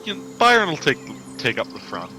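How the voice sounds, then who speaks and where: A man playing in a tabletop game, making dry, deadpan asides. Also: mid-range voice, quick pace, soft background music, rough recording. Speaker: player. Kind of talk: casual tabletop role-play chat.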